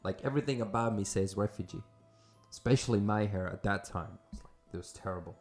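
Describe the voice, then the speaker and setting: A man's voice: fairly low pitch, quick pace, a little mellow, soft background music. A man from Syria, hosting a podcast and telling a personal story casually, with many fillers and restarts. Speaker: podcast host.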